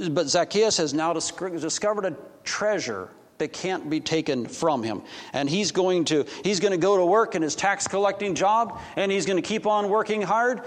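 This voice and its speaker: Guy preaching a sermon, highish voice, lots of restarts, echoey long reverb. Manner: acts out dialogue with quick voice shifts, restarts often. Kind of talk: sermon storytelling.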